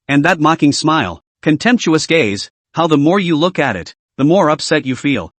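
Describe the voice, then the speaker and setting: A man's voice: fairly high pitch, sing-song, moderate pace, hardly any pauses, fairly bright tone, dry recording. A man narrating a story recap in a scripted storytelling delivery.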